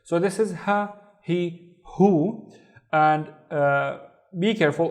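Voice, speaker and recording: Male Saudi-accented tutor; patient, unhurried delivery, higher-pitched voice, repeats each word for the learner. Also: fairly even intonation. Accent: Saudi Arabic. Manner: slow, careful, repeats words for pronunciation. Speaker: Arabic teacher. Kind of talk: online language lesson.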